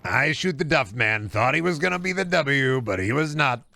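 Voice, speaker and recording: A man's voice: mid-range voice, expressive, normal speed, creaky, sharp tone, slight background noise. A man doing an impression of a boastful, pompous middle-aged male politician who repeats himself and praises himself. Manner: bragging, repetitive, self-praising.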